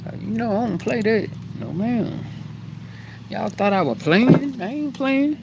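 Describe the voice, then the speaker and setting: A woman's voice: fairly high pitch, measured pace, gravelly, very noisy. Chatty woman vlogging at home. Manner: chatty, animated, talks straight to the camera. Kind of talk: casual chat to viewers. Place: at home, then outdoors on the porch.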